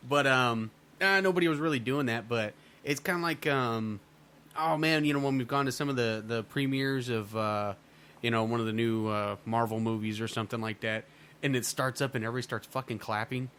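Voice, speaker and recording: A man's voice: mid-range voice, a little fast, smooth. A man co-hosting a casual podcast, bantering with lots of swearing. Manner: profane, animated banter. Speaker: podcast co-host.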